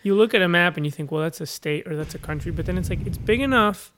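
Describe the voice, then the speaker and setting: A man's voice: sits high, fast talker, a bit bright, a little hiss or hum. A man co-hosting a podcast in casual chat, laid-back, laughing often and trailing off mid-sentence. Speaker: podcast co-host.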